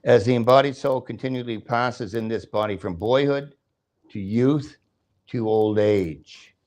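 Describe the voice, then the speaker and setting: A man's voice: mid-range voice, a little slow, darkish tone. An older man giving a sermon at a temple, explaining scripture, chanting verses and asking his listeners questions, with a joke and a chuckle now and then. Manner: jokes, chuckles between points. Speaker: temple speaker.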